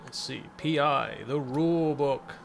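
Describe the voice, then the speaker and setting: A man's voice: mid-range voice, measured pace, creaky, loud music behind the voice. A man giving casual, joking commentary while playing a game. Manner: joking, wry asides. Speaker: let's play streamer.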